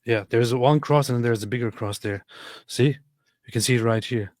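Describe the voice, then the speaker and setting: A man chatting on a livestream, delivering jokes in a deadpan, matter-of-fact way. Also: mid-range voice, moderate pace, no echo, studio quality. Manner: joking, deadpan announcements. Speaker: co-host. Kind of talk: casual livestream chat.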